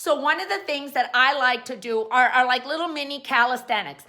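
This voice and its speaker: A woman's voice: high-pitched, fairly quick, bright, forceful tone. A woman hosting a comic how-to show, playful and rambling, full of jokey asides. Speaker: host.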